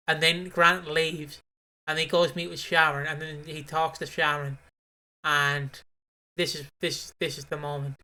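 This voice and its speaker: Brief: easygoing podcast co-host, laughs a lot, trips over words, mid-pitched voice. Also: level tone, moderate pace, pushed and bright. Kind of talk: casual chat recapping a soap.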